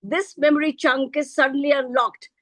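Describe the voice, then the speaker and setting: Reciting her own verse on a video call, this middle-aged woman is expressive throughout and slips into a child's voice for quotations. Her voice is high and her speed normal. There's no echo, but the recording quality is poor.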